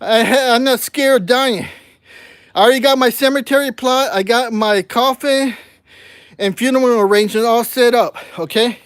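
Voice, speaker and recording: A man's voice: very high-pitched, normal speed, dry recording. A man in his sixties hosting a gardening livestream, sounding short of breath with words cut off, ranting bluntly and reading viewer comments aloud. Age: 60s. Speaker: gardening channel host.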